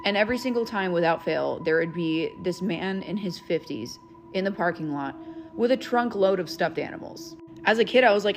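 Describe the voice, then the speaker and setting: A woman's voice: on the low side, expressive, moderate pace, a little hiss or hum. A woman telling a casual storytime in an earnest, questioning way. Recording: music playing clearly underneath. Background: music.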